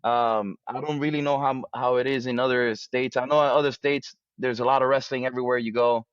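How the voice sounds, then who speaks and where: A man's voice: mid-range voice, steady tone, a little fast, dry recording, highs cut off. A man as an interview guest, talking casually with many restarts and fillers.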